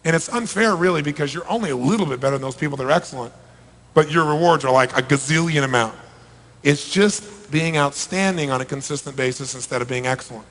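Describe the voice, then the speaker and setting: A middle-aged motivational speaker addresses a large live audience, his voice pitched rather high for a man. He works the crowd with rhetorical questions, swinging between loud pushes and quiet stretches. The sound rings out through a large reverberant event hall. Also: fast. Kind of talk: live seminar talk to a big audience.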